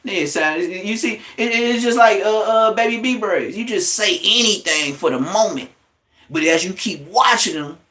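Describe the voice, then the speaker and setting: A man hosting a livestream, giving blunt, profane, trash-talking commentary in an excitable way. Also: sits high. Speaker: livestream host.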